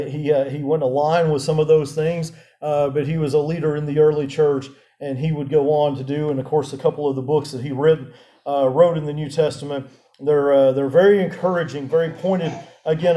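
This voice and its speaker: A man preaching a sermon as pastor, halting and full of fillers and restarts. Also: fairly high pitch, warm tone.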